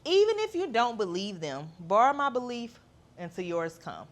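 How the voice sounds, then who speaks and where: A woman's voice: mid-range voice, sing-song, unhurried. A woman, hosting a podcast in a candid, chatty monologue with playful asides. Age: 30s. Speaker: podcast host.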